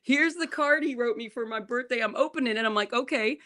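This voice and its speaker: A woman in her forties, co-hosting a morning show, telling a family story in a lively way and laughing often. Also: fairly high pitch, fast. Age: 40s. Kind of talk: casual chat.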